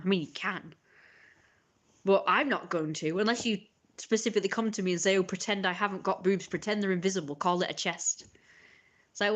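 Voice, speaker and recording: Indignant and sarcastic, a woman rants to her stream at mid pitch. She rambles, laughs at her own jokes, and coughs now and then. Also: fairly bright tone. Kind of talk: casual ranting monologue.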